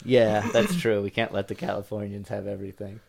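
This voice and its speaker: A man's voice: fairly low pitch, level tone, brisk, gravelly. A man co-hosting a podcast in casual comedic chat, joking and laughing often. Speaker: podcast co-host.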